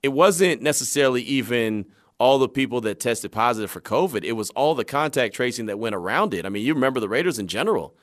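A man's voice: medium pitch, fast talker, few pauses. Conversational male sports radio host. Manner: conversational, animated storytelling with acted asides. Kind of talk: sports talk commentary.

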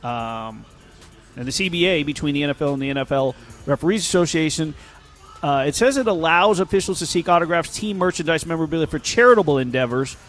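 A man co-hosting a casual sports talk show, calmly explaining a news item with small hedges. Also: fairly high pitch, fast talker, faint music behind. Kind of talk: casual sports radio chat.

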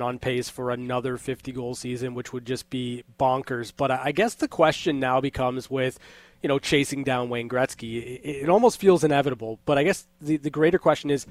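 A man's voice: medium pitch, no room sound. A man co-hosting a sports talk show, posing thoughtful questions.

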